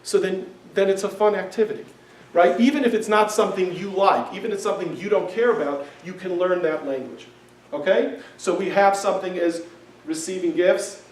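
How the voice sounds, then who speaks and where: Here a teacher with a high-sitting, brisk voice lectures his class informally in a synagogue hall, keeping it conversational and regularly checking in with listeners. Audio comes from a distant mic in an echoey room.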